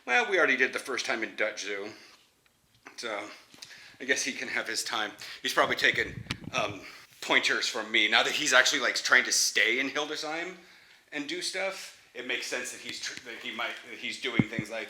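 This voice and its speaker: A man's voice: medium pitch, expressive, moderate pace, pushed and bright, a little hiss or hum. A young man, a football player, chatting casually in a rambling way, restarting sentences and laughing often.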